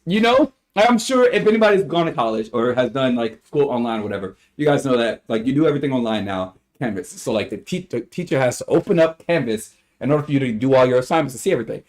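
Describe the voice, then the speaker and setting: A man's voice: mid-range voice, expressive, quick pace, few pauses, darkish tone. A young man telling a rambling, profane story on a casual livestream, often exasperated.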